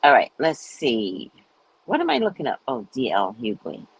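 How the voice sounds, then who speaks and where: A woman's voice: a bass voice, wildly swooping pitch, moderate pace, breathy edge, no room sound, highs cut off. A woman hosting a casual commentary show, talking in a sassy, emphatic, lecturing way. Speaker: host.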